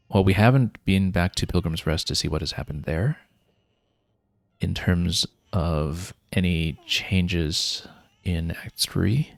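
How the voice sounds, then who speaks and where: This is a man's deep, gravelly voice in a dry recording. He's streaming a video game and giving casual commentary, thinking aloud about his next moves and using easygoing fillers.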